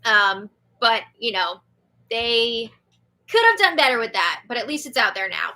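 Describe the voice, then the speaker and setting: Bright, giggly young woman host. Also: on the high side, expressive, a little slow. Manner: chatty, giggly, filler-heavy. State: sore throat. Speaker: show host. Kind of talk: livestream chat reading viewer comments.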